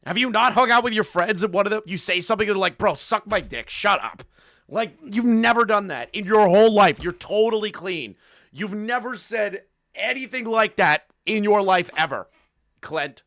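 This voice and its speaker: A man's voice: high voice, moderate pace, a bit bright, dry recording, clean studio sound. A man streaming live, reacting to a call with crude, mocking commentary and frequent laughter. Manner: profane, mocking, laughs often.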